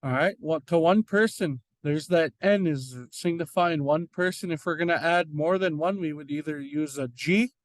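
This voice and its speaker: A man from Red Lake gives an informal language lesson, slowly repeating and sounding out words and using frequent fillers. His voice is a little high, and there's no echo.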